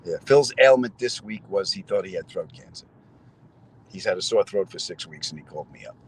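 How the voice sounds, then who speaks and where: A man's voice: deep voice, expressive, fairly quick, slight background noise, poor audio. A middle-aged man, a comedian, chatting casually with viewers outdoors in a city square and telling stories with asides to his audience. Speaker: comedian host.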